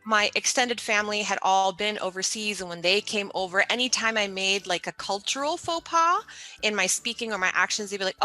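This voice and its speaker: A middle-aged woman, a guest in an interview, telling her story in an animated way and often acting out other people's voices. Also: mid-range voice, a little fast, soft background music. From United States.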